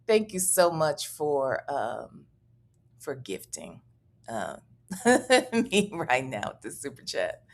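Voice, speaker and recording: A woman's voice: very deep voice, big pitch swings, slow. A woman hosting a casual livestream, chatty and profane, reading out viewer messages and thanking them. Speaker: livestream host.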